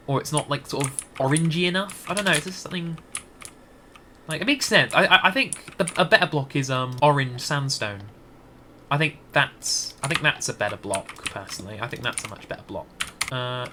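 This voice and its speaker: A man's voice: fairly high pitch, sharp tone, slight background noise. A Scottish man giving rambling, hesitant gameplay commentary into a desk mic, with many restarts. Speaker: gaming YouTuber.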